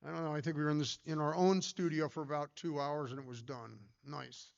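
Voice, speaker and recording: A man's voice: a little high, steady tone, fairly quick, gravelly, dull audio. An older man giving a casual conference talk about his career, rambling through anecdotes with many fillers and restarts. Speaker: pinball designer giving a talk.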